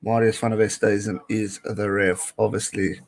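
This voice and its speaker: A man's voice: fairly low pitch, little pitch movement, normal speed, low-quality recording. A young man from South Africa with a South African accent, talking through a rugby match for his live-stream viewers. He chats casually, greets people in the chat, and slips Afrikaans words into his English. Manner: chatty, mixes English with Afrikaans phrases. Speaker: live stream host giving rugby commentary.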